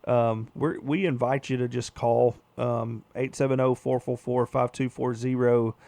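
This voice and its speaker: A man's voice: mid-range voice, level tone, unhurried, a little mellow, no echo. A male radio host talking casually, folksy and rambling, with many fillers.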